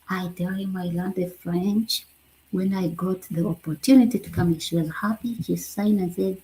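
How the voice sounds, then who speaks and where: A woman with a Ugandan accent tells her own story in a loose, chatty way, with a low-pitched voice. Her tone is mellow and soft-edged, and she laughs easily and slips in French words. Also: moderate pace, low-quality recording. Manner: animated, laughs often, drops in French phrases. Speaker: vlogger. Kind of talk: casual personal storytelling.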